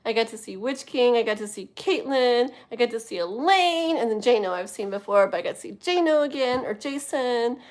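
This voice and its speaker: A woman in her thirties from the US West Coast, chatting casually on a live stream as a tarot reader, giggling often and easily sidetracked, sometimes dropping to a hushed voice. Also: on the high side, expressive, a little fast, hardly any pauses. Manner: drops to a hushed voice at times. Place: home with thin walls.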